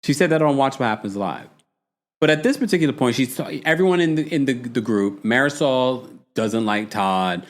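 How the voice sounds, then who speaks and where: A man hosting a casual reality-TV recap livestream, talking in an animated, sassy, gossipy way. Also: medium pitch, moderate pace. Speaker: host.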